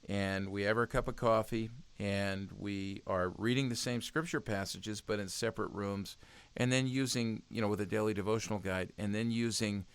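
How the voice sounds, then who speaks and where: Earnest man with a lowish voice. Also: a bit bright, smooth, no echo. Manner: earnest and exhortative, with frequent restarts. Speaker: podcast guest, youth ministry speaker. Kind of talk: conversational interview.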